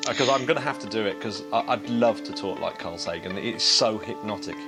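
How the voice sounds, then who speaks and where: A man co-hosting a podcast in casual chat, jokey and quick to laugh. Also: fairly low pitch, over music. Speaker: podcast co-host.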